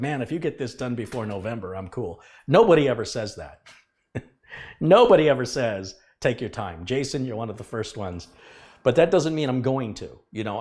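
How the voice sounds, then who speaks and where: A man's voice: lowish voice, darkish tone. A middle-aged man hosting a casual live stream, talking earnestly and emphatically and repeating his points to drive them home. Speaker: livestream host, computer repair technician.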